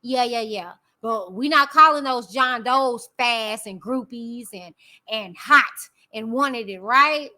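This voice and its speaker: Bright, high-voiced woman giving blunt commentary. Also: slow pace. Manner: candid, opinionated, talks directly to viewers. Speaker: YouTube commentary host. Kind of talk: casual live-stream commentary.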